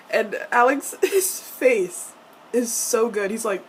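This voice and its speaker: A young woman reacting to a TV episode in a casual vlog, animated and profane, with frequent laughs. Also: on the high side, normal speed, slight background noise. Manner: laughs often between lines.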